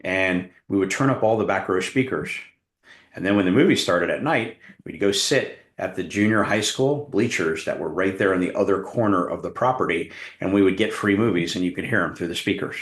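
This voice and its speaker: Middle-aged man, workshop presenter, low voice, lively storyteller, echoey room. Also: fairly quick. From Tucson, Arizona. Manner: animated storyteller, acts out scenes. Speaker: workshop presenter, hypnotist coach. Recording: roomy echo.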